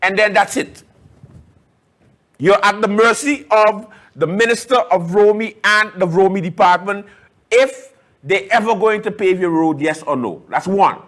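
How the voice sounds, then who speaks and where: A male talk-show host tells stories about politicians with a sarcastic edge. His voice sits slightly high, and he slows down to hammer home each point. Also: a bit bright. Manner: conversational, emphatic, sarcastic. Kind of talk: casual political commentary.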